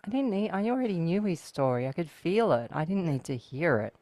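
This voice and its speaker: Low-voiced woman telling a story, dry sound. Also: animated, brisk, dark tone, no echo. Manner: chatty anecdotal storyteller, laughs often. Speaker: podcast guest. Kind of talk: casual spiritual chat.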